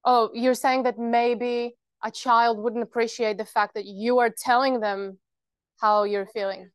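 A woman's voice: on the high side, level tone, measured pace, clear, resonant tone, no room sound. A woman presenting a practical workshop, explaining earnestly and checking in with her listeners.

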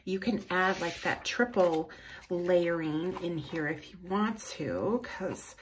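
A woman's voice: on the low side, expressive, a little hiss or hum. A woman chatting casually through a planner unboxing at her desk, gushing over each piece. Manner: gushing, effusive, slow and lingering on praise. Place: indoors at a desk.

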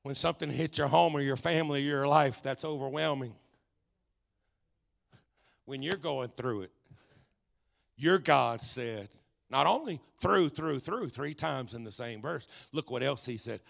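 Gravelly, forceful preacher man. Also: medium pitch. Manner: preaching that builds to shouted, drawn-out refrains. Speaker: pastor. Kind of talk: Pentecostal sermon. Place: church sanctuary, live service.

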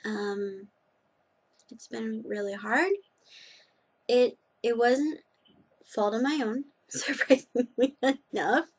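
A woman's voice: on the high side, steady tone, takes it slowly, long pauses, breathy edge. A young woman vlogging in a rambling, chatty way, full of restarts and asides. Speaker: knitting and nails vlogger. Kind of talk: casual chat.

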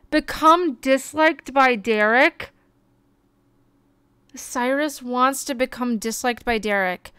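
A young woman streaming a life-simulation game, chatting excitedly and gushing over the characters as she plays. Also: a little high, clean tone, no room sound. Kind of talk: life-sim gameplay commentary.

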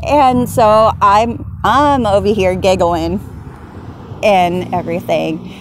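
Slow, giggly woman telling a story. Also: medium pitch, fairly even intonation, noisy background. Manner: giggly, laughs often while telling. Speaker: vlogger. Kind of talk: casual storytelling.

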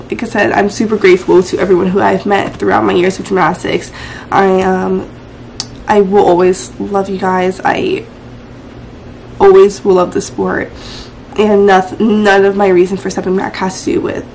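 A teenage girl vlogging in a casual, chatty way, full of "um" and "like", her voice hoarse and rough. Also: medium pitch, slight background noise. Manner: chatty, many fillers like "um" and "like". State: hoarse, voice partly gone. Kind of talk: casual vlog chat.

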